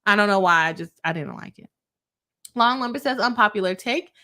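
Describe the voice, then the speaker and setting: A woman's voice: mid-range voice, lively intonation, a little fast, pushed and bright. A woman hosting a casual live stream, reading out viewer comments and laughing often between her remarks.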